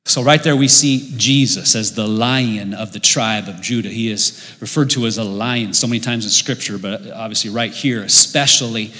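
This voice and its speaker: A middle-aged man preaching a sermon in a church auditorium, telling stories with sudden swings between loud and quiet. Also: fairly low pitch, moderate pace, hardly any pauses. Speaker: pastor. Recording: long reverb of a large hall.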